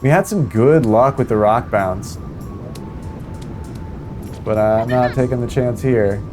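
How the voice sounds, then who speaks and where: A man's voice: medium pitch, a little slow, over music. A man streaming a golf game live, chatting casually in a rambling, joking way with plenty of swearing.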